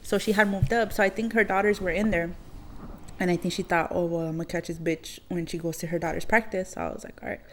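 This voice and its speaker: A woman's voice: fairly low pitch, level tone, fast, slight background noise. Blunt, foul-mouthed woman telling a story. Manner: blunt, swears heavily, rambling with many fillers. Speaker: podcast host. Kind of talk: casual storytelling chat.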